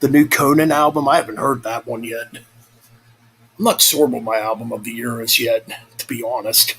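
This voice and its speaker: A man's voice: medium pitch, fairly even intonation, normal speed, a bit bright, breathy edge, rough recording. A young man rambling casually in a vlog, cursing freely and correcting himself as he goes. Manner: rambling, profane, self-correcting. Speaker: vlogger. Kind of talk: casual chat.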